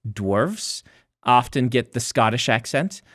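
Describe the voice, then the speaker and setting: A man's voice: medium pitch, lively intonation, slow, a bit bright, no room sound, clean studio sound. A man co-hosting a podcast, chatting casually and explaining with rambling, self-correcting asides. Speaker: podcast co-host, author. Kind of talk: casual chat.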